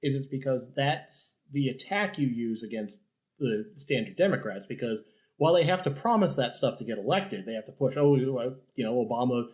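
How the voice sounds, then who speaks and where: A man's voice: mid-range voice, lively intonation, normal speed, darkish tone. Sarcastic, joking podcast man. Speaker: podcast co-host. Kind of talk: casual political chat.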